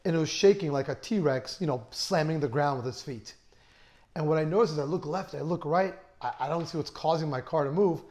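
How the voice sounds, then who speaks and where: A man in his thirties, a plastic surgeon, telling a first-person story in a lively, conversational way and acting out the dialogue. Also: a little high. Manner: animated, conversational, acts out dialogue.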